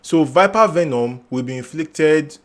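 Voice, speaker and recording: A man's voice: on the high side, lively intonation, a little slow, fairly bright tone. Casual male gaming guide host. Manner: thinking aloud, rereading and restarting lines. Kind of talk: casual game guide commentary.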